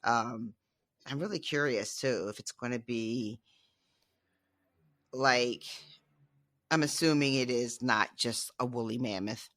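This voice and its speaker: A woman's voice: extremely low pitch, slow, long pauses, a bit bright, no echo, studio quality. A woman co-hosting a podcast in casual book-discussion chat, emphatic and laughing often. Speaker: podcast co-host.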